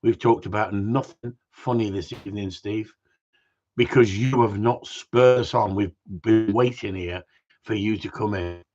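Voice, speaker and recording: A man's voice: lowish voice, measured pace, darkish tone, a little hiss or hum. A man hosting a casual live stream about gundogs, bantering, swearing and reading out viewer messages. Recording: dull lo-fi sound.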